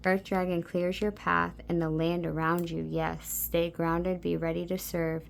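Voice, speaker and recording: Low, gravelly-voiced woman reading cards. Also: flat delivery, a little slow, a little hiss or hum. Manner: soft, intimate, meandering with many "like" and "okay". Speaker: tarot card reader. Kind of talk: spiritual pick-a-card reading.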